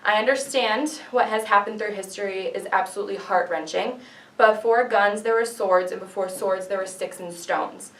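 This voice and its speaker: A woman's voice: medium pitch, moderate pace. Earnest young woman giving a speech. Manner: earnest, declamatory, with rhetorical questions. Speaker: student giving a class speech. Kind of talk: persuasive speech. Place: classroom. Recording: echoey classroom from far off.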